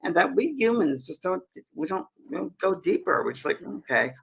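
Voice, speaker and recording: A man's voice: high voice, animated, brisk, gravelly, slightly rough. A man co-hosting a casual chat about spirits, rambling with lots of restarts. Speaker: co-host, medium.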